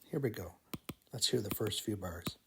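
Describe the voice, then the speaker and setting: A man teaching melody writing in a slow, musing, think-aloud way, humming phrases as he explains. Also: fairly low pitch, heavy background noise. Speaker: music teacher. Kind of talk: thinking-aloud composition tutorial.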